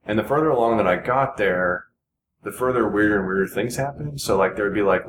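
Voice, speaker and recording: A man in his forties with a somewhat low voice speaks as a podcast guest. His talk is earnest and rambling, with many restarts. The sound is roomy and echoey, and clear background noise runs underneath. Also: fairly quick. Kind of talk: casual podcast conversation.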